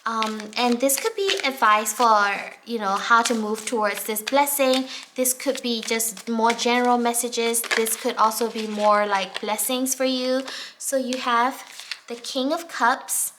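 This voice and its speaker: A woman's voice: a little high, fairly even intonation, measured pace, background noise. A woman giving a casual, enthusiastic tarot reading, chatty and full of fillers. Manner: chatty, many fillers such as "like" and "um"; enthusiastic and encouraging. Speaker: tarot reader.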